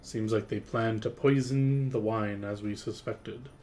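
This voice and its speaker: A man's voice: fairly low pitch, fairly even intonation, measured pace, darkish tone. A man playing a tabletop game, speaking in character in a blunt, confident way. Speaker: player.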